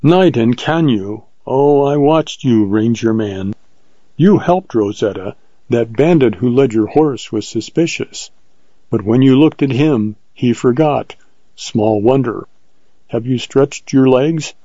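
A man's voice: lively intonation, slow pace, warm tone, no room sound, muffled recording. A man voicing a proud spirited young woman. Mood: teasing. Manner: raised, lilting pitch with a light tone.

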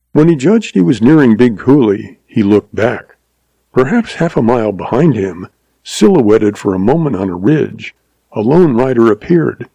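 A man narrating a pulp western audiobook in a steady, dramatic storytelling manner. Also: lowish voice, creaky, dry recording, rough recording. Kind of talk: scripted narration.

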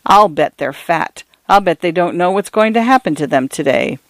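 A man's voice: sits high, expressive, normal speed, a bit bright, no echo. A man reading the part of an eager, polite young farm boy in an audiobook. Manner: polite, eager, says sir.

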